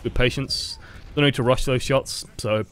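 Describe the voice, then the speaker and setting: A man coaching a player through a recorded match, relaxed and rambling with frequent fillers and self-corrections. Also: medium pitch, moderate pace. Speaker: game coach. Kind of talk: casual gameplay review commentary.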